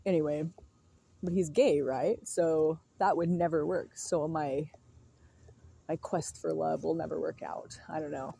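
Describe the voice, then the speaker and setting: A woman's voice: deep voice, steady tone, measured pace, vocal fry, warm tone, a little hiss or hum. A young woman rambling through a casual monologue, musing aloud, laughing often and trailing off mid-thought. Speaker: vlogger.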